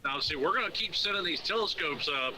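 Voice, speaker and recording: A man's voice: fairly high pitch, expressive, a little fast, over a noisy crowd, rough recording. A man on a casual panel making profane jokes. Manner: joking, profane. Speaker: panel guest.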